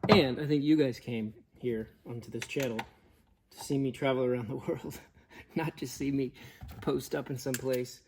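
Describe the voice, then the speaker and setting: Gravelly, playful vlogger man. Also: medium pitch, fairly even intonation, moderate pace, a little mellow, a little hiss or hum. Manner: playful, rambling, jokes about trying accents. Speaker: travel vlogger. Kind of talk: casual vlog chat.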